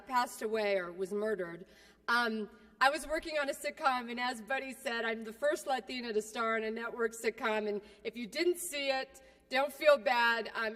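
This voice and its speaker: Brash, high-voiced comic woman speaker. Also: fairly bright tone, in a large hall. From California. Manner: brash, self-mocking, conversational. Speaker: keynote speaker. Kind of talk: comic storytelling speech.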